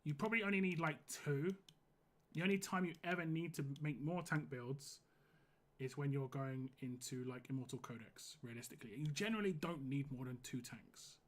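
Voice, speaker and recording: Hoarse man rambling through gameplay tips. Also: fairly high pitch, moderate pace, fairly bright tone. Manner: rambling, full of "like". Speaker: game streamer. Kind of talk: casual gameplay commentary. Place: home gaming setup.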